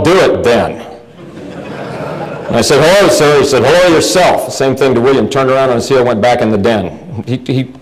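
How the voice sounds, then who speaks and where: A man's voice: mid-range voice, darkish tone, poor audio. A middle-aged man from the United States giving a lecture, telling family anecdotes with wry humor and frequent restarts. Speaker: guest lecturer.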